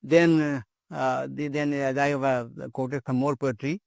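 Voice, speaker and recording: A man's voice: mid-range voice, level tone, a little slow, vocal fry, no room sound. An older man giving an academic lecture, hesitant, with many fillers and repeated words.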